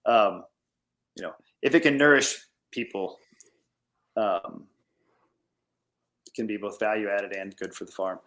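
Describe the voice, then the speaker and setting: A man's voice: fairly low pitch, unhurried, pauses often, fairly bright tone. Rambling man, casual filler-heavy talk. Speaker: farmer guest. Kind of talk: casual interview chat.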